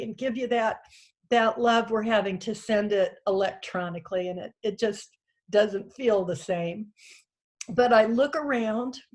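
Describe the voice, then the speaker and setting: Over a video call from her small house, a woman in her sixties, a union president addressing a convention, gives a heartfelt, halting speech. Her voice is a little high, and she's emotional, using lots of fillers.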